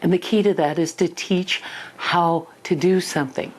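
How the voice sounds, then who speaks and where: A woman's voice: fairly low pitch, fairly even intonation, moderate pace. An older woman giving a parenting lesson, telling personal stories earnestly and acting out little scenes. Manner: earnest storytelling, acts out scenes. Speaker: parenting teacher.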